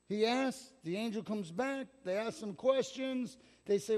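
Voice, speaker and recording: With a high-pitched, expressive, darkish voice, a middle-aged pastor preaches at normal speed, hardly pausing. He shares stories conversationally and dramatizes the people he quotes, while the church sanctuary adds a long reverb.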